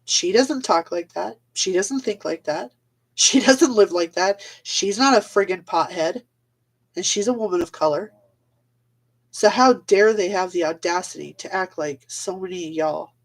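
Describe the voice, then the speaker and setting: A woman's voice: fairly low pitch, unhurried. A woman ranting on a live video in a blunt, casual way, swearing freely, laughing often and trailing off mid-thought.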